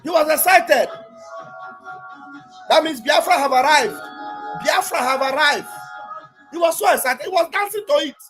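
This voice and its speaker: A man gives animated, mocking commentary over video clips, repeating phrases and breaking into shouts. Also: extremely high pitch, normal speed, pauses often, faint music behind. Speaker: online commentator.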